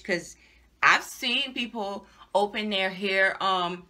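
A woman's voice: medium pitch, slow, sharp tone. A young adult woman giving a casual, exasperated product review to her viewers, repeating herself and swearing. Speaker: hair reviewer vlogger.

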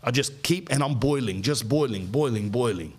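Brief: middle-aged male podcast host, comic anecdote, ranting and animated, mid-pitched. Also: normal speed, slightly rough. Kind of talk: comic storytelling.

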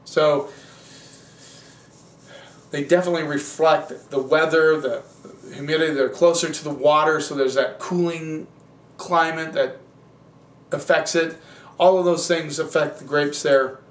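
A man hosting a wine show, tasting and reviewing wines in a relaxed, rambling, conversational way. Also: fairly high pitch, unhurried, pauses often, roomy sound, recorded from a distance.

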